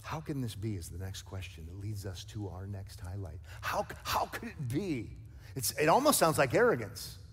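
A man's voice: lowish voice, big pitch swings, a little fast, few pauses, husky. Man preaching in a reverberant hall. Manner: emphatic preaching with rising, forceful stresses; conversational, with light jokes and asides. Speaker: pastor. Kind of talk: sermon.

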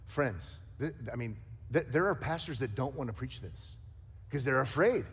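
A man's voice: mid-range voice, lively intonation, normal speed, slightly rough, in a large hall. A male pastor preaching a sermon, emphatic and conversational, with light jokes and asides. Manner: emphatic preaching with rising, forceful stresses.

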